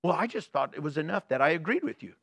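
Dad voice guy doing a sheepish little kid with excuses, high bright tone. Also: animated, fast talker, slightly rough, no echo, heavily acted. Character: young child making excuses to dad.

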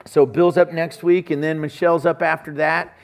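A man's voice: on the high side, little pitch movement, moderate pace. A man preaching a sermon as pastor, telling stories and acting out conversations. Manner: storytelling, acts out conversations.

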